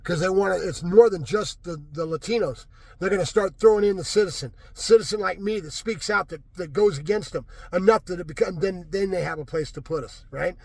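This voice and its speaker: Agitated and repeating himself, a Californian vlogger delivers an angry political rant to his viewers on camera, tagging points with "right?". He speaks a little fast in a high-pitched voice with vocal fry, and there's no echo.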